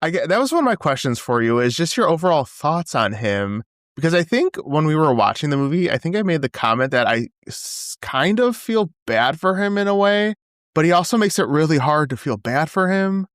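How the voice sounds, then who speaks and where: A man co-hosting a podcast in casual chat, animated and quick to laugh. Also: fairly high pitch, dry recording, studio quality. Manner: animated, chatty, laughs easily. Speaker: podcast co-host.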